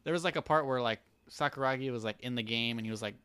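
A man's voice: medium pitch, fast, bright, forceful tone, clean tone, dry recording. Rambling casual man, dry close sound. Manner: rambling, filler-heavy, laughs easily. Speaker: podcast co-host. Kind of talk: casual anime review chat.

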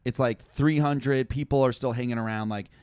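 A young man telling a long, rambling story in casual chat, animated and full of fillers. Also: mid-range voice, moderate pace, smooth, no echo. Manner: animated, rambling, heavy use of "like". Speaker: touring musician, guest.

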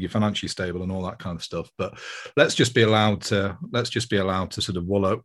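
Man, very deep voice, podcast host, reflective, rambling, restarts often. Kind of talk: casual podcast chat.

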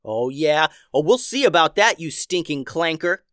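Hot-headed boy hot dog vendor for a storybook podcast, raised and yelling, put on by a male narrator. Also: on the high side, fairly quick, clear, resonant tone, dry recording, clean studio sound, natural voice. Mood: angry. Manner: shouting, indignant.

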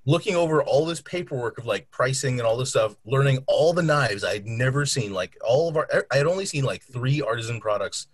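A man on a casual podcast call who works for a knife company and tells animated anecdotes, acting out the people in them. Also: medium pitch, brisk, hardly any pauses, husky, dry recording.

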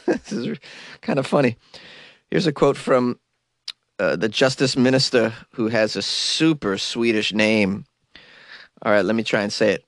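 A man's voice: lowish voice, normal speed, no room sound, studio quality. Wry man with a cold. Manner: wry, mocking asides between read-outs. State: has a cold. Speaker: host. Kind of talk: comic news commentary.

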